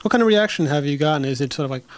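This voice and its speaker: A man interviewing a guest, asking halting, hesitant questions. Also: a little high, lively intonation.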